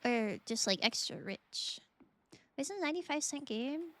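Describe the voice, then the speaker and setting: A woman's voice: high-pitched, expressive, moderate pace, a bit bright, a little hiss or hum. A woman streaming a game and chatting casually and playfully with her viewers, often laughing. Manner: playful, giggly, talks to chat. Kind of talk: casual live-stream chat while gaming.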